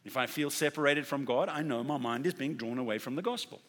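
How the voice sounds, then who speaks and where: A male pastor delivering a sermon in a large, echoing hall, where the long reverb trails after each phrase. His pitch sits in the middle range. He talks conversationally and drives his points home by repeating key words and acting out short exchanges. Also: fast talker, fairly bright tone. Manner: conversational preaching with acted-out dialogue and emphatic repetition.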